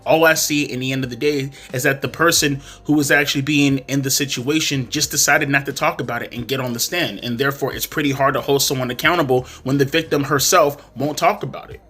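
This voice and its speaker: Profane, sharp-voiced man ranting. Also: medium pitch, fairly even intonation, brisk, hardly any pauses, husky. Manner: profane, blunt, heated. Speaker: commentary vlogger. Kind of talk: ranting commentary and storytelling.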